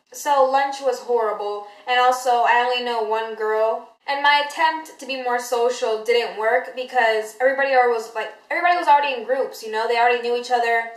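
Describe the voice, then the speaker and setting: A teenage girl chats to her camera in a lively, storytelling way, with lots of "like" and "you know". Her voice sits a little high. The sound carries a noticeable roomy echo. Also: brisk, hardly any pauses. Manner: animated storytelling, many likes and you-knows. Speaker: vlogger. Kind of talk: casual chatty vlog. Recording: roomy echoey room.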